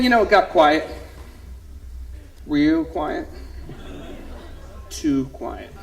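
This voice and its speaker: Very high-voiced man telling a funny sermon story. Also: slight background noise, low-quality recording. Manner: animated, swinging between hushed asides and loud punchlines.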